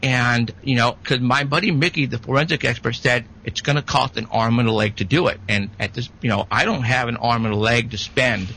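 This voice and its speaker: Gravelly, husky-voiced man telling a story. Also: medium pitch, fairly quick, hardly any pauses, low-quality recording. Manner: rambling, animated, many restarts. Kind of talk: casual storytelling.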